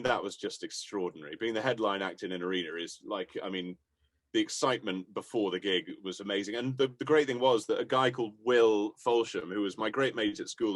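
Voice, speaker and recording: Chatty man telling warm stories. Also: lowish voice, dry recording. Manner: warm, rambling anecdotes with laughter and swearing. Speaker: musician guest. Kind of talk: casual interview storytelling.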